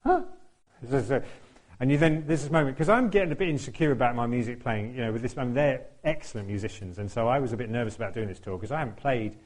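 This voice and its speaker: A man's voice: medium pitch, quick pace. A man telling a chatty, self-deprecating story during a church talk, laughing often and acting out what people said. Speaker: church speaker. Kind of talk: anecdotal sermon storytelling.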